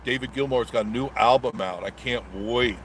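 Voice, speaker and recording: A man's voice: mid-range voice, moderate pace, fairly bright tone, a little hiss or hum. A middle-aged man hosting a casual live stream, reading viewer comments aloud and rambling through jokey banter with frequent chuckles.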